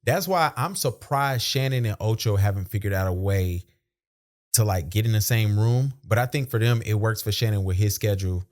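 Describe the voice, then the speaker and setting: A man's voice: on the low side, normal speed. A man from South Carolina, hosting a casual podcast chat and telling stories in loose conversational slang. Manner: animated storyteller, conversational slang. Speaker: podcast host.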